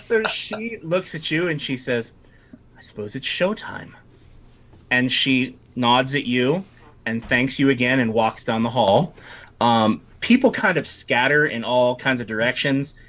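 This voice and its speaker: Man, game master, casual rambling narration, tabletop game, bright voice. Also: medium pitch, unhurried. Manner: casual, rambling, many fillers.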